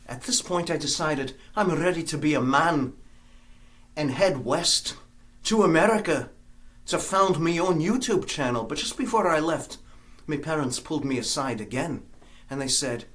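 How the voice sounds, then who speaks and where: A man with a Scottish accent telling a comic story to his viewers, theatrical, breaking into sung snatches and swinging from loud to hushed. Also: a little high, animated, normal speed. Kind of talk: comic monologue.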